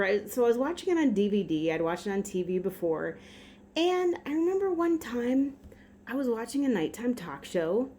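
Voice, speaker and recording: A woman from Western Massachusetts chatting to her camera in a loose, meandering way. She wanders into tangents and side remarks, with a medium-pitched voice and a faint hum of room noise behind her. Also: a little mellow. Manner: rambling, chatty, full of tangents and asides. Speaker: vlogger. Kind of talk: casual chat.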